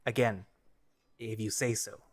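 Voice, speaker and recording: Reserved black wolf butcher, read by a man, clipped and terse, mid-pitched, dry recording. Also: moderate pace, no room sound, natural voice. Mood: guarded. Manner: terse, reluctant, clipped replies.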